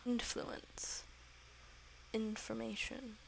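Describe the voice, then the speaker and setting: A woman voicing a slick, greedy male ghost who robs banks, smooth and persuasive like a salesman. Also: fairly high pitch, little pitch movement, extremely slow, a little hiss or hum, heavily acted, rough recording. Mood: scheming.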